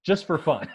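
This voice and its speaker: A man's voice: sits high, husky. An American man hosting a podcast in casual chat, joking, laughing often and restarting his sentences. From United States. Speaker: podcast host. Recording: dull lo-fi sound.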